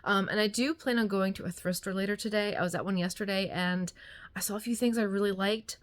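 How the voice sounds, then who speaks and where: A woman's voice: mid-range voice, fairly even intonation, fast. A woman casually chatting to camera about her thrift store finds at home, rambling with lots of ums and likes, a little out of breath, recorded on a handheld phone. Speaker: vlogger showing a thrift haul. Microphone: phone held in hand.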